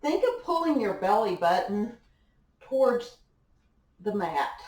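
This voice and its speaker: A woman coaches a workout class, her slow, unhurried cues rising and falling in a lively pitch. She sounds a little winded between exercises and encourages the class with small laughs. Her voice comes from some distance away in an echoey room. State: out of breath at times. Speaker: fitness instructor. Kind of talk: live workout class instruction.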